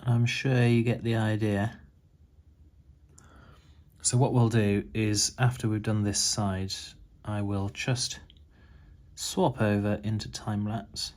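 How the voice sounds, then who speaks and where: A middle-aged man calmly talking through a model-building tutorial, often hesitating and restarting his sentences. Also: fairly low pitch, takes it slowly, pauses often. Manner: hesitant, with frequent restarts and fillers. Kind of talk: relaxed tutorial voice-over.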